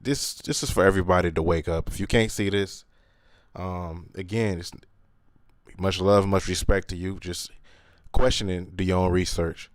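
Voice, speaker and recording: A man's voice: low voice, fairly even intonation, normal speed, no echo, clean studio sound. A man hosting his channel in a casual, earnest monologue, talking slangy with many fillers. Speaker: channel host.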